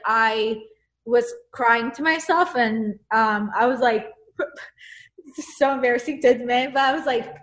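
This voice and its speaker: A woman with a high voice talks candidly as a podcast guest. She gets emotional and often plays out her own thoughts as quoted speech, with "like" scattered all through. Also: a bit bright. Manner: emotional, heavy use of "like"; acts out her own inner voice. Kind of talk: candid conversation.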